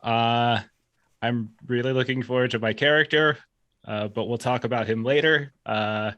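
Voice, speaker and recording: A man's voice: mid-range voice, normal speed, fairly bright tone, no echo, lo-fi sound. Rambling man with a dry, close voice. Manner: rambling, self-deprecating, fillers. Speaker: player and streamer. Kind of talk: casual self-introduction.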